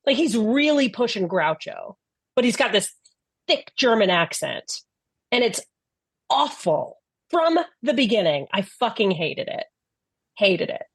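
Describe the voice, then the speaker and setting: A woman's voice: mid-range voice, sing-song, unhurried, long pauses, breathy edge, no room sound. A woman co-hosting a podcast, recapping a show in casual chat with blunt, sarcastic remarks. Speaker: podcast co-host.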